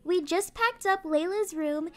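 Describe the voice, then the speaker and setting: A woman's voice: very high-pitched, unhurried. A woman hosting her channel, narrating a family roleplay in a game in a cheerful, chatty way. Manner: cheerful, chatty storyteller voicing family members. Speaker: YouTube roleplay host.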